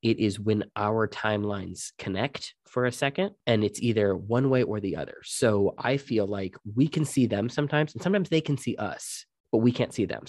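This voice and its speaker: Young man, low voice, dry close sound, casual podcast chat, laid-back, swears freely. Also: no room sound. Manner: relaxed, swears freely, quotes others in his own voice. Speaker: podcast co-host. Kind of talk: casual ghost-story chat.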